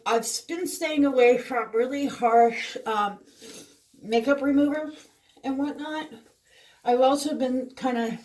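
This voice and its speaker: A woman's voice: sits high, darkish tone, distant mic. A middle-aged woman, chatting casually through a skincare routine with lots of fillers. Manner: chatty, rambling, frequent fillers. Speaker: beauty vlogger. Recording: voice a bit away from the mic.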